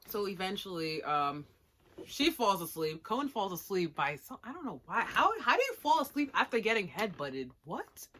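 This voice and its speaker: A woman's voice: medium pitch, sing-song, moderate pace, sharp tone. A young woman casually reviewing an anime episode at home, slangy and sarcastic with giggly asides. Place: home room with plushies.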